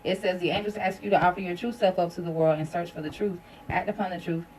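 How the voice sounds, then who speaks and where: A woman's voice: quick pace, background noise. A woman reading tarot cards for her viewers in a casual, chatty way, blunt and ready to cuss when she vents. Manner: chatty and blunt, cusses while venting, animated rises in pitch. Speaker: tarot reader.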